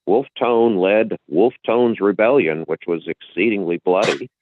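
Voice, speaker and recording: A man's voice: lowish voice, unhurried, slight background noise. A man hosting a podcast and explaining at length in a casual, lecturing way, often restarting his sentences. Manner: lecturing, with frequent restarts and repetitions. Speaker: podcast host. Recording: tinny phone-like line, dry.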